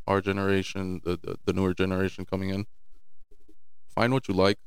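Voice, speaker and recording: Deep-voiced young man, smooth and dry. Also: a little fast, no echo. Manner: relaxed, repeats words and restarts often. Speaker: business owner guest. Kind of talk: casual interview.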